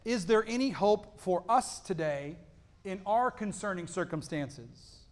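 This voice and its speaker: A man with a high voice preaches a sermon to his congregation. He reads scripture aloud and then explains it earnestly. He swings from emphatic peaks down to hushed, quiet lows. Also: animated, unhurried. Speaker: pastor.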